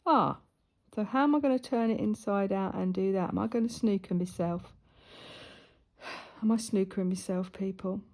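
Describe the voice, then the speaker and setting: A woman's voice: medium pitch, normal speed, a little mellow. A middle-aged woman chatting as she sews, rambling through stories and often dropping into whispered asides. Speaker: sewing vlogger. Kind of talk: casual chat while sewing. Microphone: camera close in front.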